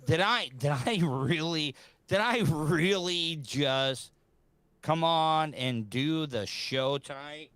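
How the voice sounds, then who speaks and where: A man hosting a podcast interview, speaking in a halting, awkward way with many fillers. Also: a little high, fairly bright tone, smooth, no room sound. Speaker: podcast host. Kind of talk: hesitant interview talk.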